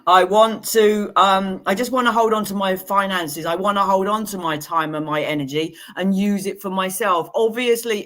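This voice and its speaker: A woman giving a live-streamed tarot reading, chatty and giggly, laughing at her own jokes while reassuring viewers. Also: low-pitched. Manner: chatty, giggly and self-amused; warm, reassuring advice to viewers. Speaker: tarot reader.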